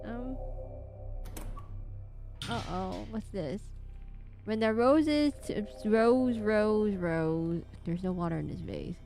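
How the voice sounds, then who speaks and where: A woman's voice: medium pitch, sing-song, measured pace, gravelly, darkish tone. A woman giving casual let's-play commentary on a horror game, reading game text aloud with wry asides. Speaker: gamer playing a horror game. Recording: faint game music behind.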